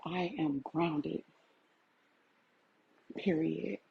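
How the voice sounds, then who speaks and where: A woman's voice: low voice, drawn-out words, gravelly, husky, lo-fi sound. A woman, giving an impassioned, tearful talk to her livestream viewers. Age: 40s. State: crying. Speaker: vlogger.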